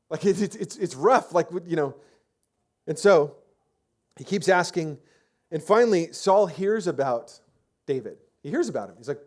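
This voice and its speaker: A man's voice: on the high side, animated, moderate pace, long pauses, a little mellow. A man preaching a sermon as pastor, telling the story in a casual, chatty way with lots of fillers and restarts. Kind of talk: conversational sermon.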